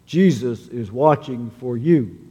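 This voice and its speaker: A man voicing a sly parrot that squawks, with a deadpan delivery and a long reverb in a sanctuary. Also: medium pitch, slow pace, husky, dull audio, pitched below the performer's own voice. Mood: eerie.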